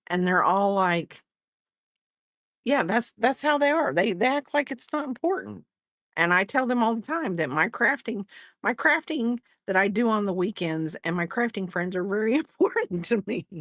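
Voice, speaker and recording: A woman with a medium-pitched, somewhat bright voice swings widely in pitch at a moderate pace, recorded clean in a studio with no room sound. She crochets on a livestream, rambling casually and poking fun at herself, laughing often as she talks to her viewers and her dog at home.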